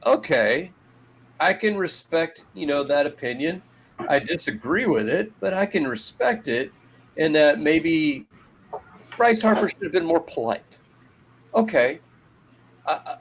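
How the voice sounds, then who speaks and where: A man co-hosting a sports podcast, ranting in a profane, sarcastic way with loud jumps in pitch. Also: sing-song, measured pace, pauses often, a little hiss or hum. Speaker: podcast co-host. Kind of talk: heated sports talk.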